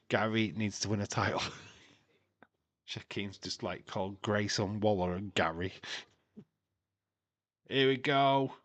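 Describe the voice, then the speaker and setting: A man's voice: lowish voice, lively intonation, measured pace, long pauses, fairly bright tone. A man hosting a live watch-along stream, chatting casually, laughing and making puns. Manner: chatty and jokey, laughing at his own puns. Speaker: livestream host.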